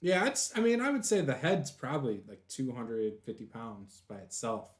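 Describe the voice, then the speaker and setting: A man's voice: mid-range voice, sing-song, moderate pace. A man running a tabletop game as game master, chatty and laughing often.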